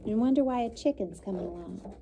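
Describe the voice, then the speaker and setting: A woman teacher reading a picture book aloud to young students, pausing to comment and explain. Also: mid-range voice, warm tone, a little hiss or hum. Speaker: elementary school teacher. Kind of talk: children's read-aloud.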